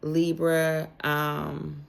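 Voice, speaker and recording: A woman's voice: deep voice, monotone, extremely slow, creaky. A woman giving a casual, chatty tarot reading for zodiac signs, speaking straight to each sign with plenty of slang and "like" fillers. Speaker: tarot reader.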